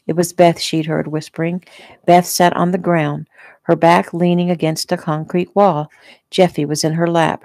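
A woman's voice: deep voice, creaky, a little mellow, no echo. A woman author reading her own novel aloud casually and unpolished, as if at home. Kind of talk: casual audiobook narration.

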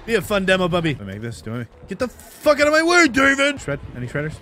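A man streaming a horror game, reacting with loud, profane outbursts as he plays. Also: high-pitched, big pitch swings, fast talker, noisy background. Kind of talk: live gameplay commentary. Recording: game music underneath.

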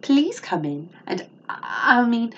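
A woman voicing a hungry, sly wolf in a read-aloud storybook, with a gruff, snarling manner. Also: a little high, very animated, slow, fairly bright tone, muffled recording, voice pushed up, exaggerated voice.

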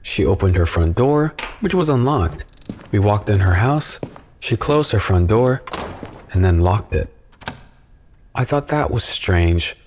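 A man calmly narrating a first-person horror story from a script. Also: on the low side, a little hiss or hum.

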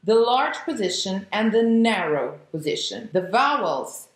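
Slow woman coaching vowels, echoey room. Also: mid-range voice, sing-song. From Italy. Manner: slow, deliberate, sings out example vowels. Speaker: opera diction coach. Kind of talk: demonstrating vowels in a lesson.

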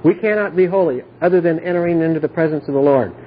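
A man's voice: on the high side, quick pace, slight background noise. A man leading an informal Bible study, explaining earnestly and often asking whether his listeners understand. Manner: earnest, repetitive explaining with frequent checks for understanding. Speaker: Bible teacher. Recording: tinny phone-like audio.

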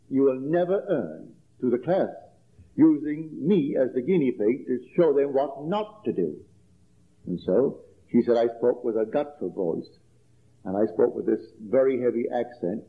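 A man lectures at a middle pitch in a measured, emphatic way, leaning on his key phrases and repeating them. His voice comes through thin and tinny, like an old archival tape heard down a phone line. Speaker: spiritual lecturer. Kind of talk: lecture with personal storytelling.

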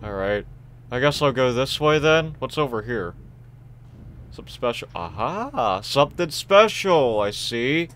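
A man's voice: mid-range voice, very animated, measured pace, a bit bright, slight background noise. A young man giving chatty, joking let's play commentary and talking to the game characters. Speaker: gaming streamer.

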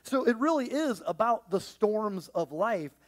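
A pastor with a notably high-pitched voice preaches a lively, unhurried sermon to a church congregation. He's animated, joking and riffing, swinging from a near-hush to loud pushes.

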